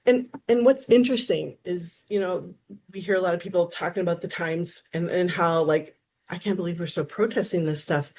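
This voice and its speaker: Animated woman telling stories. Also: on the low side, a little hiss or hum. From Wisconsin. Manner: animated storyteller, acts out quotes. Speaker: guest, therapist. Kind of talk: casual interview chat.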